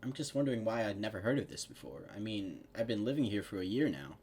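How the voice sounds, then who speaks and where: A man's voice: lowish voice, big pitch swings, fast, darkish tone, slight background noise. A man reading the lines of a curious, teasing young human man who lives among ponies, in his own voice.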